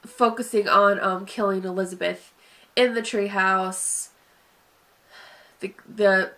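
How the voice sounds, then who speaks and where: A woman from the Southern United States, sniffly from allergies, gives a casual, hesitant film review, sighing and wandering through her points with many fillers. Her mid-range voice is slow, steady, bright and forceful.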